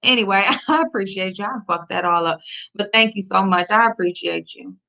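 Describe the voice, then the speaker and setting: A woman chats her way through a livestream in a bright, forceful voice, answering the chat and scolding her dog between loud laughs. The sound is dull and lo-fi, like a built-in mic. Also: mid-range voice, brisk, creaky. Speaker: livestream host reading chat.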